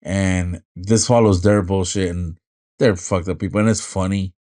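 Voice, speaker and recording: Podcast co-host, young adult man, slightly low pitch, easygoing and casual, teases his partner. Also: steady tone, normal speed, warm tone. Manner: laid-back, says "man" a lot, teasing. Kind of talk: casual chat.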